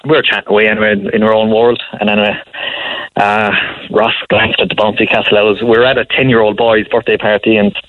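Calling in to a radio program, a thirty-something Irishman rambles through a lengthy story, laughing frequently and restarting lines. He speaks quickly in a lowish, flat voice. The audio is narrow and tinny, with no room sound.

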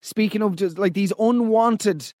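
An Irish man hosting a comedy podcast, talking in animated, incredulous and profane banter. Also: high-pitched, a little slow, no echo, studio quality. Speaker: podcast host. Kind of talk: casual comedic monologue.

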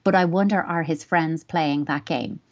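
A woman gives parenting advice on a podcast. Her voice sits fairly low, and she speaks in a thoughtful, measured, reassuring way. The audio is a little dull and lo-fi. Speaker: parenting expert. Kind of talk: advice podcast answering a listener question.

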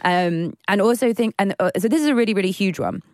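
A woman's voice: medium pitch, expressive, fast talker, a little mellow, no room sound, clean studio sound. A woman co-hosting a podcast, chatting casually, jokey and often breaking off mid-sentence. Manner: chatty, self-interrupting, jokey. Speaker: podcast co-host. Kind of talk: casual chat.

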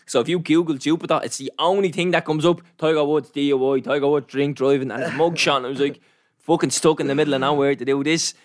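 A young man with an Irish accent rattles through a travel story at a quick clip. He talks casually and animatedly, with plenty of slang and swearing. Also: on the high side, fairly even intonation, no echo, clean studio sound. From Ireland. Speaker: storyteller in a chat. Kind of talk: casual chat.

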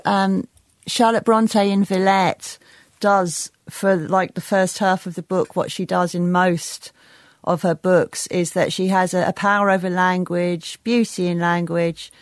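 A woman's voice: on the low side, no echo. A woman novelist talking as a guest on a radio show, thoughtful and hesitant, with many fillers. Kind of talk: radio interview chat.

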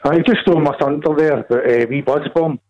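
A man's voice: on the high side, brisk, a crowd in the background. A Scottish man calling into a football phone-in, rambling and hesitant. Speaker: caller. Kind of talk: radio phone-in call. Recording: dull lo-fi phone line.

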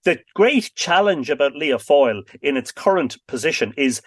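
A man's voice: on the high side, expressive, moderate pace, husky, no room sound, clean studio sound. A man on a radio interview, explaining history at length in a knowledgeable, rambling way with many fillers. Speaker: expert guest on radio.

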